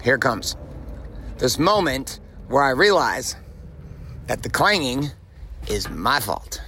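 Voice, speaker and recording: A man's voice: medium pitch, big pitch swings, takes it slowly, bright, forceful tone, slight background noise. A man hosting a motivational podcast from his car while driving, talking bluntly and emphatically, swearing freely and repeating phrases for punch. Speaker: podcast host. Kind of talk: profane motivational monologue. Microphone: recorded while driving.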